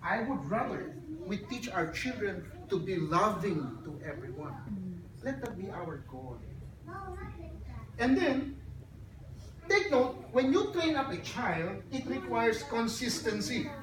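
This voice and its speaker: A woman's voice: mid-range voice, big pitch swings, slow. A woman giving an earnest, sermon-like talk at a child dedication, telling stories to her audience. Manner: earnest, storytelling, addresses audience directly. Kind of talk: sermon-like talk with a joke story. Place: hotel function hall. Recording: echoey hall, distant mic, background noise.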